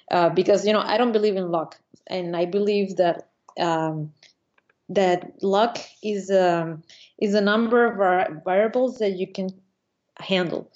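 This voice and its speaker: A woman paraglider pilot from Venezuela, recounting her competitions in a casual interview, animated and laughing often, with many restarts. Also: lowish voice. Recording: slightly dull lo-fi audio.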